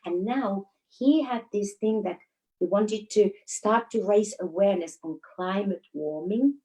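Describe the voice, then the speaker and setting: A Finnish woman with a mid-pitched voice, speaking English with a Finnish accent as an interview guest. She tells stories in a relaxed way, laughing often and pausing to search for words. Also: rough recording. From Finland. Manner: storytelling with frequent laughs and hesitations. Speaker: guest, dancer. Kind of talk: casual interview chat.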